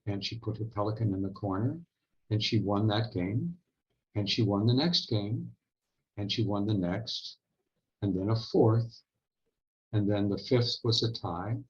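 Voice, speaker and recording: A man with a fairly low voice delivers a conference keynote as an unhurried, reflective story. He pauses and hesitates often as he recalls the details. The recording sounds dull and lo-fi. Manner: measured, reflective, halting storytelling. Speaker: keynote speaker.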